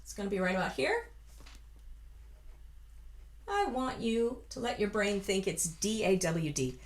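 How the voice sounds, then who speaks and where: A woman's voice: mid-range voice, animated, measured pace. A woman vocal coach from the United States giving a chatty, encouraging singing lesson, breaking into full-voiced sung examples.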